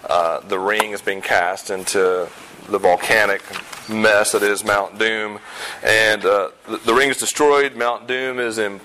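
A pastor preaching a sermon in a conversational way, with self-deprecating humor and emphatic repetition of key points. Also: male voice, fairly low pitch, fairly even intonation, measured pace, sharp tone, slight background noise, rough recording. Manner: emphatic, repeats key phrases.

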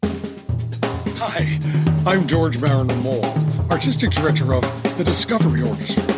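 Over loud music, an older podcast host who is also an orchestra conductor reads a scripted personal story at a moderate pace. He acts out quotes with small laughs, his voice high-leaning with lively intonation.

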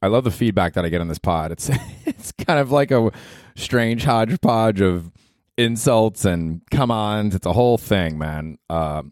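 Young male comic hosting a solo pod, lowish voice, dry close sound, rambling and self-deprecating. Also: animated, a little slow, a little mellow, dry recording. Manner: self-mocking, rambling, with filler. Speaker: podcast host. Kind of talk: solo comedy podcast monologue.

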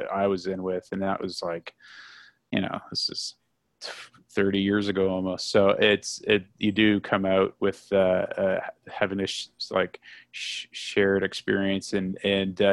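A middle-aged man chats about books in a fairly low voice, stopping and restarting often as he searches for words. The sound is close and dry. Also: creaky, no room sound. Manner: halting, many restarts. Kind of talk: casual book discussion.

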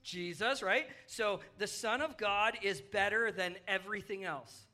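A children's pastor with a bright, ringing tone and a mid-range pitch delivers a children's sermon at a church service. The delivery is playful and upbeat, gently coaxing the kids along. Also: a little slow.

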